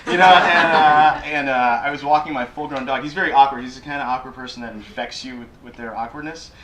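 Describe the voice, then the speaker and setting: A man's voice: medium pitch, fast talker, crowd noise. A man doing a stand-up comedy set in a small community center, talking in a hesitant, self-deprecating way full of fillers. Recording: roomy hall with loud background noise. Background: audience laughter.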